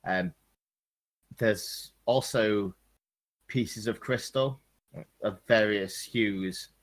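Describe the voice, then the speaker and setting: A man's voice: fairly low pitch, very slow. A man narrating as game master of a tabletop game, hesitant with many ums and restarts.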